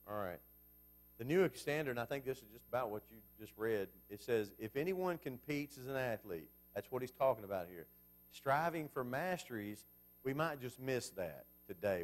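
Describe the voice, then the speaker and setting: A man preaching a Bible class sermon in a conversational way, asking the congregation questions as he goes. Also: medium pitch.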